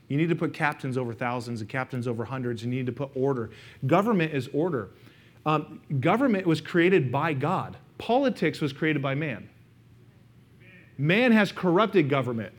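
A middle-aged man preaching a sermon in a church, speaking casually with personal stories and talking straight to the congregation. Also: fairly high pitch. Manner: conversational, anecdotal, speaks directly to the congregation. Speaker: pastor. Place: church sanctuary.

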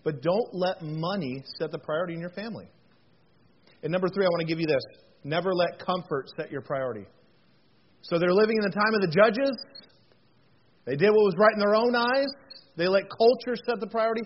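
A man's voice: high-pitched, fairly quick, long pauses, a little hiss or hum. A man preaching a sermon as pastor, earnest and folksy, often repeating words and stumbling into joking asides. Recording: muffled lo-fi recording.

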